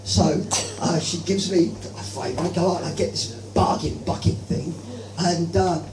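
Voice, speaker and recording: A man doing open-mic stand-up, telling stories in a rambling, self-deprecating way full of halting restarts. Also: on the high side, steady tone, background noise. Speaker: stand-up comedian. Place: open-mic comedy venue. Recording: echoey room, far from mic, loud music.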